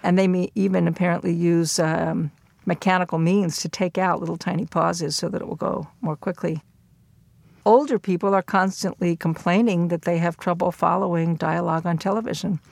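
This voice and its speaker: An older woman explaining linguistics in a measured lecture, with occasional fillers. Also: lowish voice, fairly even intonation, creaky, a little mellow, dry recording.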